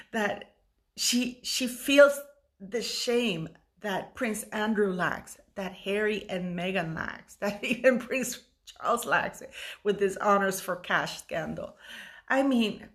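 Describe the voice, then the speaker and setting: A woman's voice: mid-range voice, a bit bright. Tired, rambling woman commentator. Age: 50s. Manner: rambling, emotional, many restarts and fillers. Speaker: YouTube commentator. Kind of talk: casual commentary monologue.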